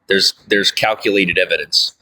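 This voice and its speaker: A man's voice: sits low, steady tone, moderate pace, bright, forceful tone, poor audio. A man speaking as a father, giving his son an urgent, earnest warning, repeating himself and restarting his sentences. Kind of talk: earnest personal message to the camera.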